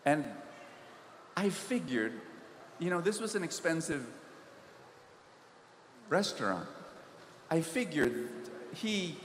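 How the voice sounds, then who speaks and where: A man's voice: a little high, big pitch swings, slow pace, pauses often, a little hiss or hum. Filipino man preaching in an echoey hall. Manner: storytelling, pleading, rising to emphatic peaks. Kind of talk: sermon. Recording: echoey hall, faint ambience.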